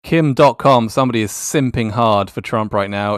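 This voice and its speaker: A man's voice: medium pitch, normal speed, clear, resonant tone, no room sound, clean studio sound. A man giving casual, sardonic commentary on tweets, swearing and laughing as he goes. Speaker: YouTuber.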